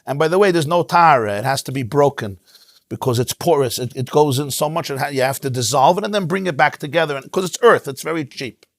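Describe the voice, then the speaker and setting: A man teaching a Torah class as a rabbi, in an animated, emphatic way, sprinkling in Hebrew terms. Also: on the high side, fast talker, no room sound, clean studio sound. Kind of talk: lively Torah lecture. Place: synagogue.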